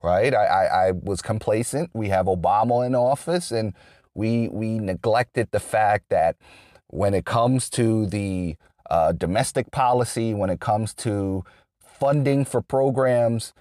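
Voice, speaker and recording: A man's voice: on the low side, takes it slowly, a little mellow, no echo, clean studio sound. A man giving an unscripted political monologue, rambling and restarting often with lots of fillers. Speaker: political commentator.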